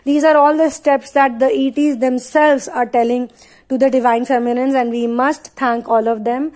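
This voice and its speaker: A woman's voice: on the high side, steady tone, normal speed, darkish tone. A woman giving a spiritual channeling talk, speaking in emphatic, repetitive affirmations and casual asides with frequent fillers.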